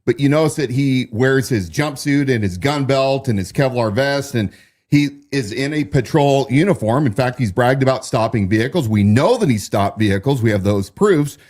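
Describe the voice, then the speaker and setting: A man delivers a loose political commentary monologue as host, at a mid-range pitch. He trips over his words now and then, restarting sentences and filling gaps with "uh". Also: expressive, moderate pace, darkish tone. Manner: restarts and fillers, stumbles over explanations.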